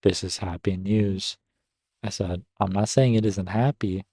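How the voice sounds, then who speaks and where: A Reddit story reader and gaming commentator reads a drama story aloud, pausing to react with upbeat asides and casual commentary. His voice is low and dark-toned, a little slow with fairly even intonation, in a dry recording.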